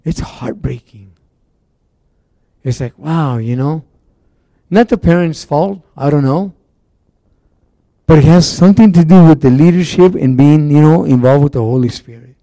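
A man with a mellow, fairly high voice preaches to his congregation in a casual, folksy, conversational style, full of fillers and restarts. He speaks at a measured pace with long pauses. The sound is dry and close, with no room sound.

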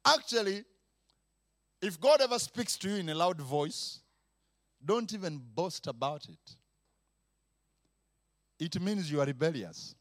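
A middle-aged man preaching a lively sermon, acting out sounds, laughing often and stretching out repeated words. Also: high-pitched, no room sound, clean studio sound. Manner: animated, mimics sounds, laughs often, drawn-out repetitions.

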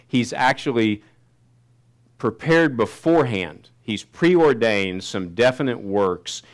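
A man preaching a sermon, reading scripture slowly and then telling a personal story. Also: lowish voice. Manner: slows down to read scripture, then tells a story. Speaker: pastor.

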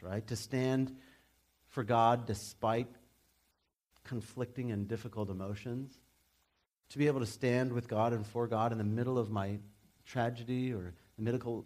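Animated male preacher, conversational. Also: fairly low pitch. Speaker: pastor. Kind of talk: sermon.

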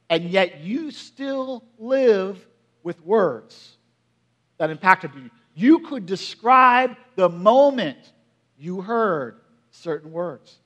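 A man in his forties preaching a sermon in a conversational way, often asking the congregation questions. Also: sits high. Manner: drops to a quiet, hushed voice at emotional moments. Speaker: pastor.

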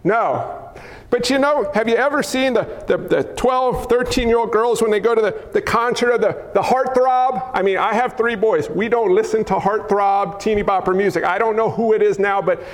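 Animated high-voiced male pastor, echoing hall. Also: normal speed. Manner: animated, acts out crowd cries and quotes. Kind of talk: sermon. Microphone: wearing a mic. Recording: long hall reverb.

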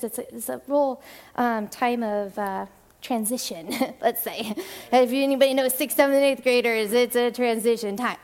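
A woman whose voice sits high addresses her congregation as head of its family and children's ministry. Rushing in bursts and restarting her sentences, she keeps it chatty, laughing frequently and voicing the people she quotes.

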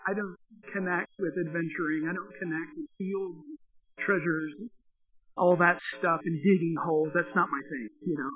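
An unimpressed grown daughter shrugs things off in a high, bright voice, as a man acts her out during a sermon. Her tone is offhand and dismissive. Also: fairly even intonation, normal speed, faint music behind, natural voice, rough recording. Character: indifferent adult daughter, unimpressed.

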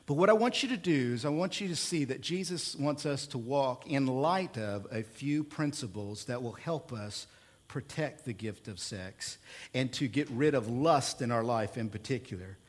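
A man preaching a sermon in a conversational, emphatic way, with rhetorical questions and swings between loud bursts and quiet asides. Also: mid-range voice, expressive, normal speed. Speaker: pastor.

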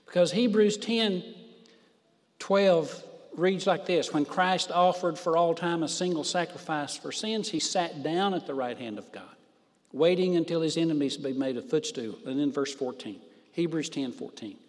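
A man's voice: on the high side, long reverb tail. A man preaching a sermon, stressing words by drawing out his phrases. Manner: emphatic, drawn-out phrases for stress.

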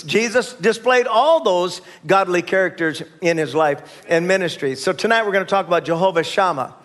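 A man's voice: high-pitched, a bit bright. An older man preaching a sermon as pastor, leading the church in call-and-response with folksy asides and chuckles.

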